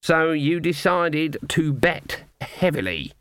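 A man voicing a stern, sharp old woman witch in a storybook reading, with a clipped, dry delivery. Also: on the high side, sing-song, slow pace, clean tone, no room sound, pitched above the performer's own voice, exaggerated voice.

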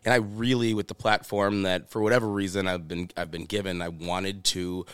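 A man's voice: deep voice, flat delivery, normal speed, fairly bright tone, smooth, dry recording. A man, a chef guest on a podcast, chatting casually and telling stories with many restarts and "you know"s. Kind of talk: casual interview chat.

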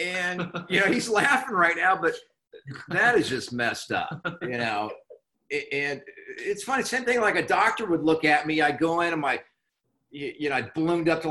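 Brief: middle-aged man, sharp bright voice, halting confessional storyteller. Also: a little high. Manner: halting, many restarts and fillers, wry. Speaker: recovering alcoholic guest. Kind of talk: candid personal recovery story.

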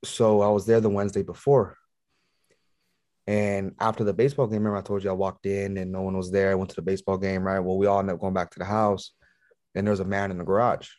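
A man's voice: deep voice, little pitch movement, a little mellow, no echo, studio quality. A man telling a personal story in a casual interview, swearing often and stumbling over his words. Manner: profane, rambling, halting retelling. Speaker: guest.

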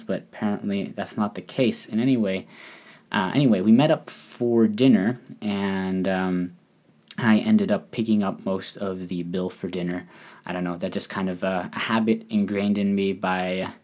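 A man hosting a casual solo podcast, a little hoarse from a recent cold, rambling with many fillers and restarts. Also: fairly low pitch, dark tone. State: recovering from a cold, slightly hoarse. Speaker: podcast host. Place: living in Japan.

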